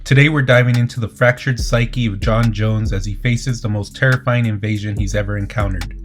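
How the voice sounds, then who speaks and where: A man narrating a comic book story recap in a steady, dramatic scripted delivery. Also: lowish voice, a little fast. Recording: faint music underneath.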